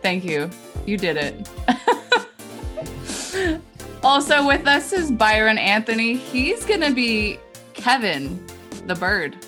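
A woman hosting a podcast table read, cheerful and quick to laugh. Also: fairly high pitch, sing-song, fairly bright tone, soft background music. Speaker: host.

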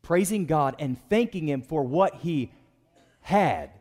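A male pastor delivers a sermon in church, urging the congregation to answer back. His voice sits high and swings widely in pitch. He preaches with lively, rising and falling emphasis. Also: takes it slowly, long reverb tail. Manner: preaching with call-and-response to the congregation.

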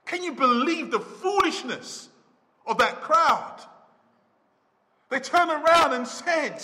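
A man preaching a sermon in a church, dramatic, swinging between shouts and hushed low phrases. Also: unhurried. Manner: dramatic, rising to shouts and dropping to near whispers. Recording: echoey church hall.

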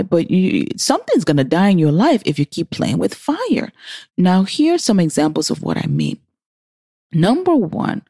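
A woman's voice: on the low side, warm tone, no room sound, clean studio sound. A woman giving a preachy heart-to-heart talk, offering Christian advice to single women and acting out inner voices with big theatrical swings. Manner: stops short and restarts words mid-sentence.

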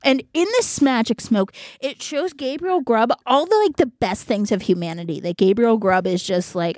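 A woman's voice: fairly high pitch, normal speed, hardly any pauses, a little mellow, no echo, clean studio sound. A young woman hosting a podcast, casually retelling a story with a rambling, giggly manner and many fillers. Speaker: podcast host. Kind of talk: casual chat.

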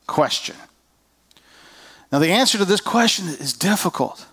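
A man's voice: a little high, a little slow, pauses often, husky. A man in his thirties, a pastor preaching a conversational sermon to a congregation, who often acts out the questions of anxious people. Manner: conversational, animated, acts out voices of worried people. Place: church hall.

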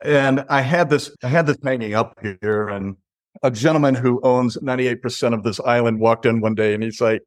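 A man's voice: medium pitch, fairly even intonation, moderate pace, dry recording, clean studio sound. A man, an artist and gallery owner, chatting casually and telling stories with easy chuckles over a video call. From Chicago. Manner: laid-back, chuckling storyteller. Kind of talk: casual interview chat. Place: his gallery.

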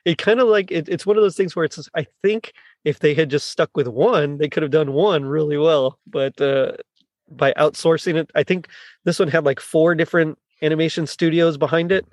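A man's voice: on the high side, normal speed, no room sound, studio quality. A man hosting a podcast segment in casual chat, laughing often as he talks. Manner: laughs often while talking. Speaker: podcast host.

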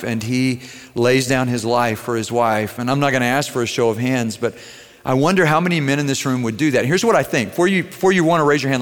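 A man's voice: mid-range voice, a bit bright. A pastor preaching a sermon in a conversational storytelling way, putting direct questions to his congregation. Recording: long hall reverb.

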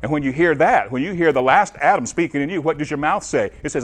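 A man preaching with real animation, his slightly raised voice jumping between loud, high bursts and low, quiet asides. He talks straight to his listeners and keeps pressing them for a response. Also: quick pace. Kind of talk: sermon.

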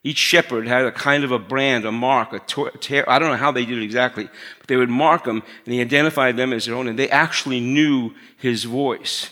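A middle-aged man preaching a sermon in a conversational way, dropping to a hush to stress his points. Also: mid-range voice, steady tone, fairly quick. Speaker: pastor.

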